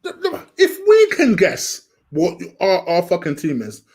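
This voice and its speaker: A man's voice: high voice, huge pitch swings, unhurried, darkish tone, breathy edge. A man co-hosting a football chat, teasing his partner and swearing with sarcastic jabs. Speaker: co-host.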